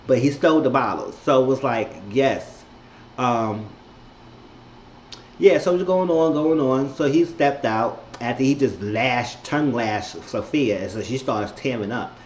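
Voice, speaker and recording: A man's voice: mid-range voice, measured pace. Man, casual opinionated recap, voices the characters, echoey room, lo-fi. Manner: chatty, opinionated, retells scenes and voices characters. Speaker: TV episode recap vlogger. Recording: echoey dull lo-fi room with faint noise.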